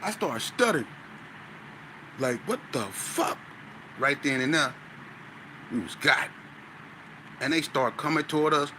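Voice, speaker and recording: Guy telling a wild story, slangy and stuttery, pretty bright tone, faint hum behind. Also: fairly high pitch, a little slow, long pauses, poor audio. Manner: animated, slang-heavy, stuttering restarts. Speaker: guest. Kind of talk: storytelling interview.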